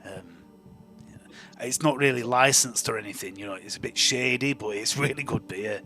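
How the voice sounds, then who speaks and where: A man's voice: mid-range voice, normal speed, sharp tone, faint music behind, lightly acted. A man doing a meek stammering traveller. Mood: nervous. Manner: apologetic, stammering, hesitant. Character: meek stammering male traveller selling ale. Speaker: non-player character.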